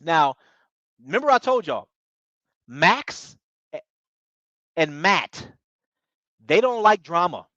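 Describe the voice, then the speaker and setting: A man recapping a reality show in casual commentary, talking excitably in slang and tripping over his words. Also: on the high side, slow pace, long pauses, no room sound, muffled recording. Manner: excitable, slangy, repeats bro, stumbles.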